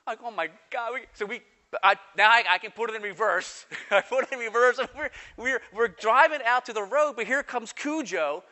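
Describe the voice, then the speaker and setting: A man preaching a sermon, telling a lively personal story and slowing down when he reads scripture. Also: extremely high pitch. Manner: animated storytelling, quick bursts, slows for scripture. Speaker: pastor.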